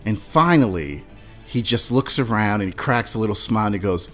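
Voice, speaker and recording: A man hosting a casual podcast, telling movie scenes in an animated way and imitating beeps and lines. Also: on the low side, fairly quick, faint music behind. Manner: animated storyteller, mimics beeping sounds and movie lines. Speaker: podcast host.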